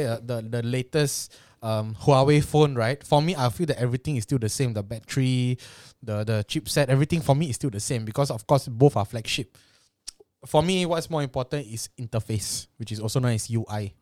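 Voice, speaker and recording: A man's voice: medium pitch, a little mellow, no room sound, clean studio sound. A man with a Singaporean English accent, co-hosting a podcast in joking, teasing banter with local slang. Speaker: podcast co-host.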